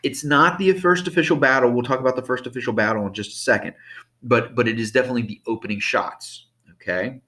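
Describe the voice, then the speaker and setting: A man's voice: medium pitch, fast talker, sharp tone. A man teaching a history lesson over slides in an easygoing, conversational way, often checking in with the class by asking "okay?" and "all right?".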